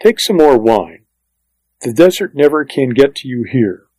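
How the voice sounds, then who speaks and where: A man's voice: mid-range voice, expressive, measured pace, darkish tone, no echo, low-quality recording. A man voicing a weathered, easygoing male desert vineyard farmer in an audiobook reading, talking in a folksy, plain-spoken way.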